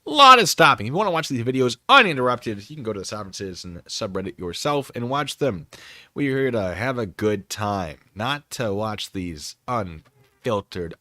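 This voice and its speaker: A man's voice: fairly low pitch, lively intonation, normal speed, bright, forceful tone, no room sound, studio quality. A man hosting a live stream, chatting in a rambling, self-deprecating way at a desk microphone. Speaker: streamer host. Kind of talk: casual live-stream chat.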